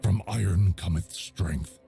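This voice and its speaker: A man voicing a male warrior who chants a battle litany in slow, ritual cadence. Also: low voice, creaky, warm tone, soft background music, full character voice. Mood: chanting.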